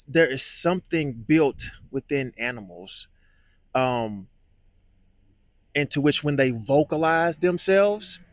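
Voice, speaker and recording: Man, vlogger, thinking aloud, stop-start delivery with restarts, somewhat high pitch, dry close sound. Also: dry recording. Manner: musing, halting, repeats words with many fillers. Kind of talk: reflective monologue.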